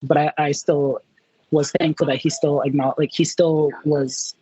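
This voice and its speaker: A man being interviewed, telling a story in a chatty, animated way and acting out his own reactions in quotes. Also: a little high, moderate pace, breathy edge, dull audio. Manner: chatty with many fillers and restarts. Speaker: interview guest.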